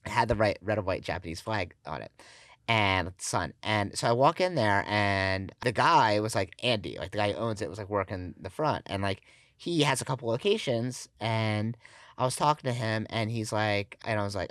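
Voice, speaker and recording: A man's voice: on the low side, lively intonation, moderate pace, fairly bright tone, dry recording, clean studio sound. A man hosting a podcast, telling stories in casual conversation with lots of "like" fillers. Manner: storytelling, filler-heavy with frequent "like". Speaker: podcast host.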